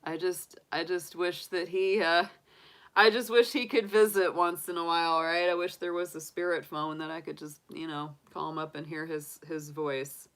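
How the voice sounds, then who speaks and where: Bright, smooth-voiced woman. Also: lowish voice, fairly even intonation, moderate pace. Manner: talkative, emotional, laughs often, chats with viewers by name. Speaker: tarot reader hosting a live stream. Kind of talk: casual live-stream chat.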